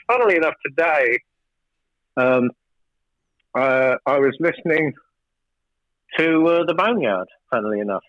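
A man's voice: fairly high pitch, no echo, muffled recording. A record producer telling studio stories in an interview, acting out the exchanges as he goes. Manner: animated storyteller, acts out studio exchanges. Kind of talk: storytelling interview.

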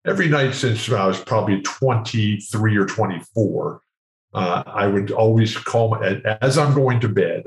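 Older man telling a lively story. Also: lowish voice. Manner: animated, acts out the people in his stories. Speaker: guest. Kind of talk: storytelling in an interview. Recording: roomy echo.

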